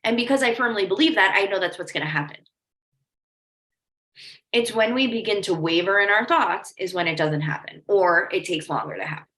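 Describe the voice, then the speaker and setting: A woman's voice: medium pitch, brisk, a bit bright. A woman coach giving a casual training talk, chatty and filling her sentences with "like". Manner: chatty, lots of "like", storytelling asides. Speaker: life coach leading a training. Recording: echoey room.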